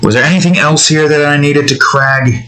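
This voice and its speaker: A man's voice: a little high, normal speed, sharp tone, rough recording. A young man casually narrating as he draws, rambling and muttering to himself. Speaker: digital artist. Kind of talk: casual narration while drawing.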